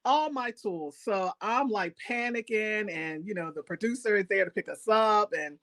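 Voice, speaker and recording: A woman chef as an interview guest, telling stories in a lively, animated way and laughing often. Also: medium pitch, normal speed. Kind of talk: casual interview storytelling.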